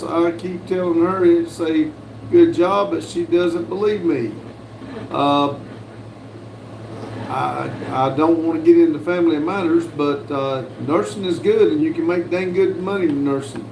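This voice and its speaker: A man from the United States hosting a casual livestream, reading viewers' messages aloud in a folksy, unhurried way with lots of "uh"s. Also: a little high, steady tone, darkish tone, a little hiss or hum. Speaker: livestream host reading chat. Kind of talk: casual live chat. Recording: roomy with faint background ambience.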